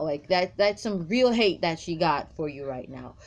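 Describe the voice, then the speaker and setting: A tarot card reader with a fairly low, animated voice speaks at normal speed straight to the viewer. She is blunt and emphatic, swears freely, and repeats her points.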